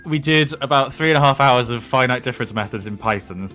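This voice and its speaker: A man's voice: mid-range voice, fast, pushed and bright, soft background music. A man guesting on a casual gaming session, enthusiastically explaining a nerdy side project. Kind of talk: casual multiplayer gaming chat.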